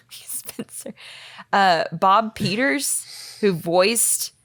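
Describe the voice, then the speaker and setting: Co-hosting a podcast, a woman reads out a fan theory at a moderate pace in a lowish, fairly bright voice, recorded dry. It's casual chat full of giggles and playfulness, with some goofy accents thrown in.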